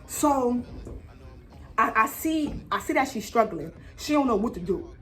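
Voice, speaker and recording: A woman telling a story on her vlog in an animated way, full of swearing and slang. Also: fairly high pitch, a little slow, faint music behind. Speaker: vlogger.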